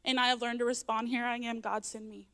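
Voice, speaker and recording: A woman's voice: fairly high pitch, little pitch movement, brisk, fairly bright tone. Earnest woman giving church testimony. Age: adult, raising young children. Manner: earnest, voice breaking with tears at times. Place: church sanctuary.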